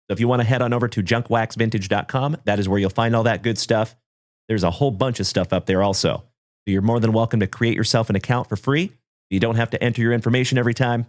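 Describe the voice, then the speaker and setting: A man hosting a sports card livestream, chatting casually and greeting viewers by name in a folksy, upbeat way. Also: medium pitch. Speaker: card break livestream host.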